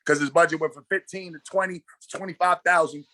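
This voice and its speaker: Bright, animated Brooklyn storyteller man. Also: fairly high pitch, brisk, dry recording. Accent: New York. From Brooklyn, New York. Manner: animated, slangy storyteller acting out dialogue. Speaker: guest, basketball coach. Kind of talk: casual storytelling interview.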